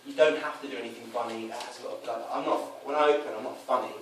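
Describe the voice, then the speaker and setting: A fast-talking dating coach with a mid-range voice casually walks through his approach. He's animated and uses changed voices to perform the quoted lines. The recording has a roomy echo, a far-off mic and faint noise.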